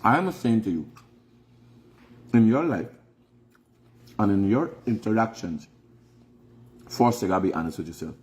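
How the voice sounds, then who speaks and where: A Guyanese man, host of a vlog, gives candid, preachy life advice in a relaxed monologue, repeating phrases to stress them. His voice is lowish and a little mellow, with lively intonation, a slightly slow pace, and long pauses.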